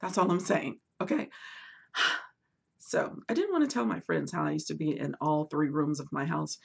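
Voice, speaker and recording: A woman hosts a relaxed book livestream from home, her voice husky with a gravelly fry underneath. She chats animatedly, reads viewer comments aloud and drifts between bright bursts and soft asides. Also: fairly low pitch, a little fast. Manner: swings between lively bursts and quiet asides. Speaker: booktube host. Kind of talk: casual livestream chat.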